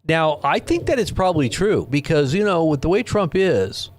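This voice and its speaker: A man's voice: on the high side, big pitch swings, moderate pace. A man hosting a late-night live news stream, chatting loosely with viewers and rambling through stories, speaking into his own microphone. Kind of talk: casual live-stream chat, reading viewers' comments. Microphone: own desk microphone.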